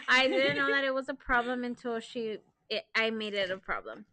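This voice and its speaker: A woman in her thirties, co-hosting a casual podcast chat, telling stories in an animated way and swearing freely. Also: fairly high pitch, moderate pace, background noise. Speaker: podcast co-host.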